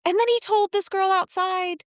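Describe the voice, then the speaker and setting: A woman's voice: very high voice, fairly even intonation, normal speed, no room sound, studio quality. A woman co-hosting a podcast in casual chat, talking expressively with dramatic exclamations. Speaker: podcast co-host.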